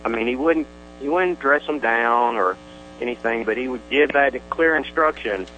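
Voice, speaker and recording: An older male caller on a radio call-in show, speaking haltingly with many pauses and restarts. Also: medium pitch, pushed and bright, highs cut off, a little hiss or hum. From Tennessee.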